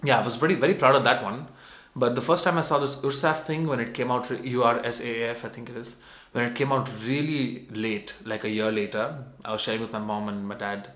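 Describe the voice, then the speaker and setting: A man's voice: medium pitch, fairly even intonation, fairly quick, fairly bright tone. Young guy vlogging, rambly chatty story, kinda laughs at himself, echoey room. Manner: meandering, conversational, self-mocking. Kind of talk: casual storytelling. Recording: roomy echo.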